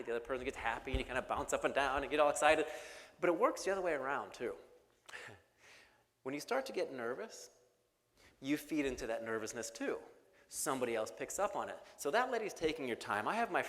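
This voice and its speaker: A young keynote speaker with a medium-pitched, fairly bright voice tells a gripping story full of jokes and humor. He's in a large banquet hall, where the recording picks up hall reverb and faint music behind him.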